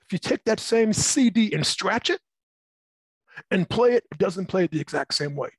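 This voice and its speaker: A middle-aged man being interviewed, telling personal stories in a lively way and acting out the voices of people in them. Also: sits high, normal speed, breathy edge, no echo, poor audio. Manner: animated, acts out voices in his stories. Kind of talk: personal storytelling.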